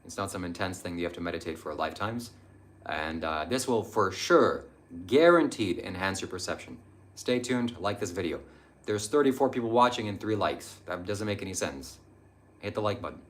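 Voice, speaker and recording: A man's voice: deep voice, animated, moderate pace. A young man hosting a live stream, answering viewer chat about spirituality in an earnest, meandering way with frequent hesitations.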